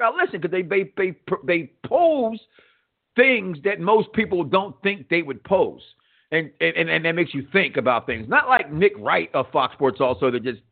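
A man hosts a sports talk show in a lively, swooping voice with a gravelly edge. He rambles and stumbles over repeated words. The sound is thin and tinny, like a phone line. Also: a little high. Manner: animated, rambling, repeats words when thinking. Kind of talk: casual sports radio talk. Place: radio studio.

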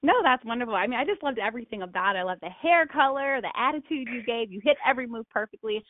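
A woman's voice: on the high side, lively intonation, fast talker, no echo. A woman hosting an interview, asking questions and encouraging her guest. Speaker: interviewer, host. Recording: tinny phone-like line, dry.

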